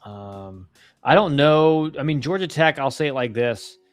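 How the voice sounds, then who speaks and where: A man's voice: medium pitch, animated, measured pace, clean tone, no room sound, faint music behind. Laid-back man hosting a live stream. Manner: laid-back, rambling, frequent restarts and slang. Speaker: live-stream host, former college ballplayer. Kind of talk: casual live-stream chat answering viewer questions.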